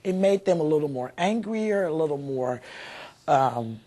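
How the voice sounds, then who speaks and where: A woman's voice: low voice, lively intonation, measured pace, dark tone. Heartfelt mother recalling her son. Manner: heartfelt, rambling with many fillers. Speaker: mother interviewed. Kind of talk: emotional interview recollection.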